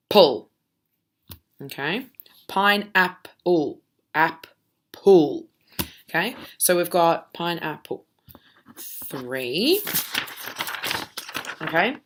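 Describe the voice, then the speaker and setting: A woman teaching a recorded phonics lesson for children as a primary school teacher. She sounds out letters slowly and keeps checking in with the class. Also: lowish voice, bright, forceful tone, slight background noise.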